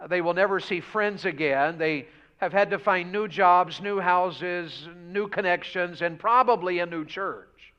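High-voiced preacher. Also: male voice, measured pace, sharp tone. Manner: folksy, rhetorical questions to congregation. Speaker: pastor. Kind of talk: revival sermon. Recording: dull lo-fi church audio.

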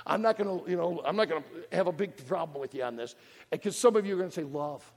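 A man preaching a sermon in a church auditorium, folksy and animated, pulling the congregation into call-and-response. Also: high-pitched, quick pace, big-room sound.

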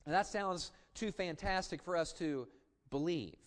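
Preaching with passion, this middle-aged pastor speaks in a noticeably high male voice. Important phrases get slow, drawn-out emphasis before he abruptly falls back to hushed asides, and he occasionally stammers and starts over while building momentum.

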